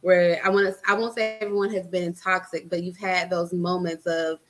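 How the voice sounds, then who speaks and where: A woman from Atlanta talking as a fitness-trainer guest in a casual podcast interview, lively and quick to laugh. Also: lowish voice. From Atlanta, Georgia, US. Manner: animated, acts out quoted voices, laughs easily.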